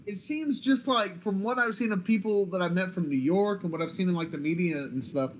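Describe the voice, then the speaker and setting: A man's voice: high-pitched, fairly quick, dull audio. A man co-hosting a podcast in casual chat, rambling along with filler words and false starts. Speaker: podcast co-host.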